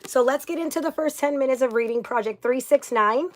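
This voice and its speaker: A bubbly woman hosts a casual livestream, greeting viewers by name in an upbeat, gushing way. Her voice sits a touch high for a woman. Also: a little fast. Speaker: livestream host.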